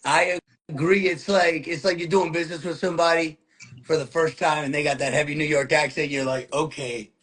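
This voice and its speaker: A man hosting a podcast, chatting in an excited, slangy way over a video call. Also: fairly high pitch, fairly quick. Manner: excited, slangy, calls guest bro. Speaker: podcast host. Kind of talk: casual chat.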